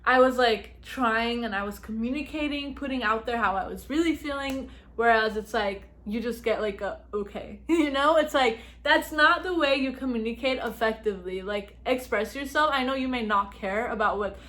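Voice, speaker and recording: A young woman vlogging at home, giving chatty advice to the camera, laughing often and talking fast. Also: on the high side, a bit bright. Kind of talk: casual talk to camera.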